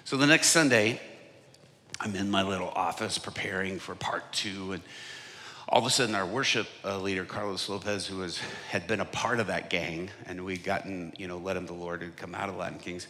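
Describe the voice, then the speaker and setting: Bright-voiced preacher man in a reverberant hall. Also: sits low, brisk. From United States. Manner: animated, acts out quotes with big swings in loudness. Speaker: evangelist preacher. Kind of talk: sermon storytelling.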